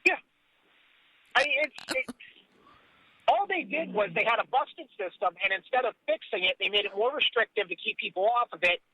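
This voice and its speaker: A man's voice: high voice, animated, moderate pace, long pauses, bright, forceful tone, no room sound. A man hosting a casual political talk show, blunt and sarcastic, with swearing. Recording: dull lo-fi recording.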